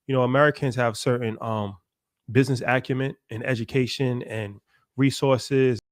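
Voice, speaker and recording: A man's voice: medium pitch, fairly even intonation, moderate pace, no echo, clean studio sound. A man talking in a hesitant way with many fillers in casual chat.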